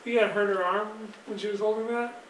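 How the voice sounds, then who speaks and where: High-pitched guy giggling and joking around during gameplay, echoey room, mic far away. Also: steady tone, fast talker, background noise. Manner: giggly, playful banter. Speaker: gaming video co-host. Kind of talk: casual gameplay chat.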